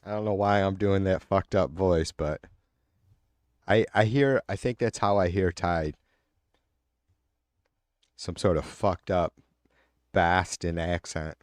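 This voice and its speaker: On a studio-quality recording with no room sound, a deep-voiced man hosts a live stream, speaking slowly with long pauses. He reads viewer comments and rants bluntly and heatedly about politics, swearing often.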